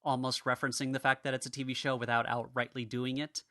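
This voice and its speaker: A man co-hosts a casual podcast, his voice bright and forward. The sound is dry and close, with no room around it. He rambles, restarts his sentences and laughs as he talks. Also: mid-range voice, little pitch movement, quick pace, no room sound. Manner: rambling, restarts often, laughs while talking. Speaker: podcast co-host.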